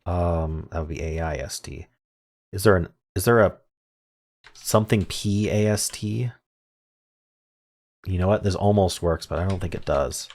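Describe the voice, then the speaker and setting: A man's voice: low voice, measured pace, pauses often, darkish tone. A man hosting a word puzzle video, thinking aloud in casual commentary with muttered half-sentences. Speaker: word game video host.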